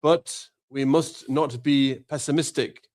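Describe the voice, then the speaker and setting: A man chats casually as co-host of a live online show. His delivery is relaxed and jokey, and he keeps nudging viewers to spread the word. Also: medium pitch, slow. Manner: laid-back banter, urging viewers to share. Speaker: co-host of an Islamic live stream. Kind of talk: casual live-stream chat.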